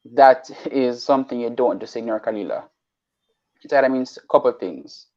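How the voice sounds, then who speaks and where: A man's voice: medium pitch, animated, moderate pace, pauses often, a little mellow, dry recording. Male market analyst, explains at length, says "you know" a lot; dry, slightly dull audio. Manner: reads out formal text, then explains at length with many "you know"s. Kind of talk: explaining finance on a live show.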